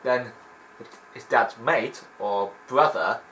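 A man's voice: medium pitch, slow pace, pushed and bright, low-quality recording. A man hosting a let's play, chatting in a rambling, digressive way and laughing often while he plays. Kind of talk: rambling gameplay commentary.

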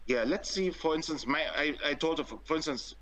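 A man's voice: fairly high pitch, brisk, a bit bright. A man with a German accent, a guest in an interview, giving earnest advice and often repeating words as he thinks. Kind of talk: interview conversation.

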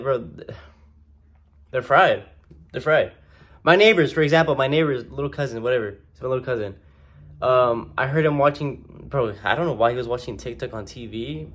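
A young man ranting in a casual, slangy way, exasperated and swearing a lot. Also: mid-range voice. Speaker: vlogger. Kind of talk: casual rant to camera.

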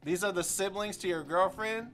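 A man's voice: sits high, moderate pace, a bit bright, soft background music. A young man streaming a rhythm game, frustrated and trash-talking with lots of swearing. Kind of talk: live gameplay commentary.

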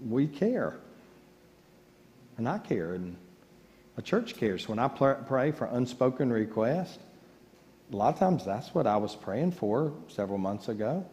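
A man with a mellow, medium-pitched voice preaches as pastor in a large church sanctuary, telling folksy stories and joking with the congregation. It's a church livestream with long reverb.

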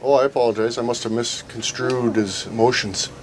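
A man's voice: medium pitch, fairly even intonation, a little fast, a crowd in the background. A man, vlogging outdoors by a store, swearing constantly, teasing his friends and laughing a lot. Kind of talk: rowdy casual banter.

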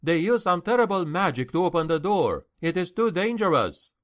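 A man's voice: high-pitched, big pitch swings, a bit bright, pitched above the performer's own voice. A man voicing a cunning rogue in an audiobook, urgently feigning alarm to fool the guards. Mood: urgent pleading. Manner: sly, quick-witted. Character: cunning male rogue feigning injured panic.

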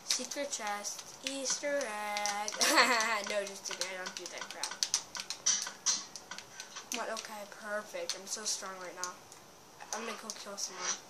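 Woman narrating her game, drawn-out slow talk, yells a lot, noisy background hiss. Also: mid-range voice. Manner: excitable, bursts into yelling. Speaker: gameplay commentator. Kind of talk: casual gameplay commentary.

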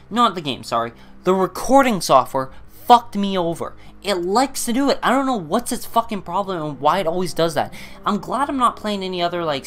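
A man's voice: high voice, sharp tone. A man hosting a gaming video, ranting angrily and swearing a lot before starting play. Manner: angry profane ranting. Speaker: gaming YouTuber. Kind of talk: let's play commentary.

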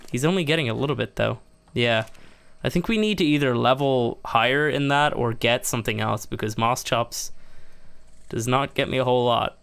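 A gaming YouTuber gives let's play commentary on a survival game, talking himself through each step at a moderate pace. His slightly bright voice carries vocal fry, and when things go wrong he gets exasperated, laughs at the mishaps, and jumps much higher in pitch.

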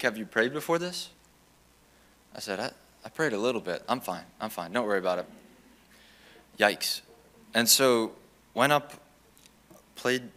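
Young man with a bright, forceful voice. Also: on the low side. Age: young adult. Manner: animated, acts out quoted dialogue. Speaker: student giving testimony. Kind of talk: chapel testimony storytelling.

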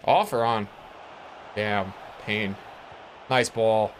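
There's slight background noise as a young man with a medium-pitched voice talks slowly, leaving long pauses. He's streaming a football video game, commenting casually and excitably, swearing plenty and talking to his chat.

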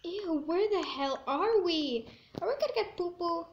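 A woman giving chatty gameplay commentary, squeamish and quick to exclaim in disgust. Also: extremely high pitch, expressive, dull audio, slight background noise. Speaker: gaming video creator.

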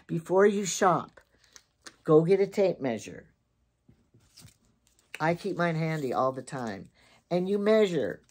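A woman's voice: sits low, darkish tone. An older woman in casual, rambling chat, talking through a shopping haul as she goes. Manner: chatty, rambling, thinks aloud and repeats herself. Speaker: shopping vlogger.

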